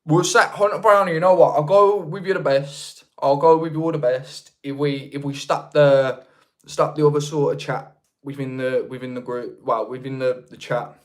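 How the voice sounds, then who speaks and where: A man's voice: fairly high pitch, fairly even intonation, normal speed. A young man with a Birmingham accent, hosting a casual livestream and chatting with viewers in a rambling way, full of restarts. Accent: Birmingham (Brummie). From Birmingham, England. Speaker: livestream host. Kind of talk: casual live chat reading viewer comments.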